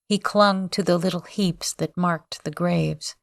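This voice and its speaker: A woman reads a classic novel aloud as a sleep story, unhurried and low-pitched. Her measured delivery sits close and dry, with no room echo. Each phrase is given plenty of space. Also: creaky. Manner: slow, calm, measured reading. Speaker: audiobook reader.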